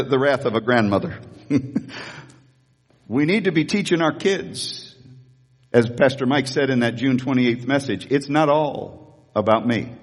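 A man preaching a sermon as pastor, animated, acting out Bible scenes in a raised voice. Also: medium pitch, breathy edge, long reverb tail.

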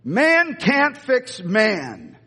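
A man preaches in a church, his high voice leaping up and down as he hammers home repeated lines. His tone is a little husky, and long reverb trails each phrase through the hall. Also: huge pitch swings, sharp tone. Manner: emphatic, repeats key lines, swings from slow stressed phrases to quick asides. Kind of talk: sermon.

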